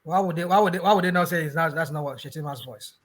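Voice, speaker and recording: A man hosting a panel discussion, cutting in with quick, challenging questions. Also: a little high. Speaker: host.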